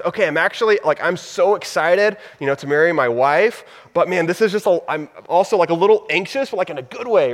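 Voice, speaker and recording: A man in his thirties, a pastor telling a personal story in a sermon, casual and heartfelt with laughing asides. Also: high voice. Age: 30s. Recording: long reverb of a hall.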